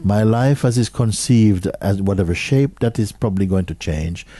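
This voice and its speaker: A man giving a slow, measured satsang talk as a spiritual teacher, often dropping to soft, hushed phrases. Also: fairly low pitch.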